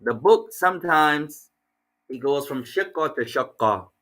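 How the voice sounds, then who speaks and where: Male teacher, bright and forceful tone, patient and encouraging with students. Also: a little high, lively intonation, moderate pace. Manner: encouraging, repeats and explains patiently. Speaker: language teacher. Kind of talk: online class instruction.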